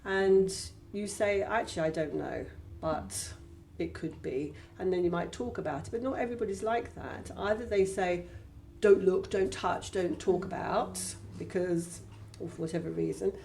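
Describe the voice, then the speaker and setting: A woman in a casual group discussion, thoughtful and low-key. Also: moderate pace, gravelly, a little mellow. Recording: somewhat distant mic, faint noise.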